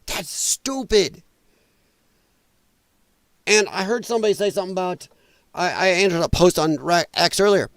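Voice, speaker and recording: A man's voice: high voice, unhurried, long pauses, no room sound. A man hosting a podcast, delivering a heated, profane political rant in an emphatic, exasperated way. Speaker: podcast host.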